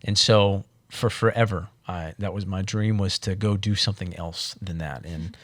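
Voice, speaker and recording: A man tells a story as a guest on a podcast, and he sounds lively. His voice sits low. The sound is dry and close to the mic. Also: moderate pace, no room sound. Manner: animated, acts out the voices of other people. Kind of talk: storytelling in casual conversation.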